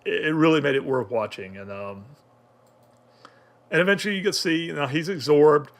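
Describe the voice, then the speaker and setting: A man's voice: fairly high pitch, fairly quick. Rambling, filler-heavy male anime reviewer. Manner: rambling, many fillers and restarts. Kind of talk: casual commentary.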